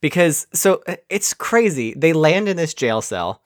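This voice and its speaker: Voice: medium pitch, very animated, a little slow, no echo, studio quality. A podcast co-host recapping a movie in casual chat, sarcastic and profane, acting out the scenes.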